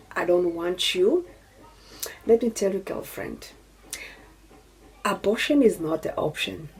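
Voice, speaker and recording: A woman's voice: fairly low pitch, creaky, a little mellow, rough recording. A middle-aged woman from Namibia with a Namibian accent, telling a personal story to camera in an earnest, preachy way and thanking God often. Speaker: YouTuber. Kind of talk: personal story time, testimony.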